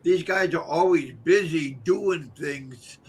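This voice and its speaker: An older man hosting his own channel, chatting casually in a halting way, repeating words and pausing on fillers. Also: fairly high pitch, husky. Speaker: channel host. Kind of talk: casual livestream chat.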